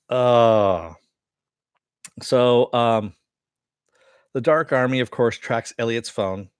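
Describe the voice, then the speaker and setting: A man's voice: medium pitch, extremely slow, long pauses, smooth, no room sound, studio quality. A man giving a rambling, casual spoken recap of a TV episode, full of "uh" and "you know" and offhand swearing. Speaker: TV episode reviewer.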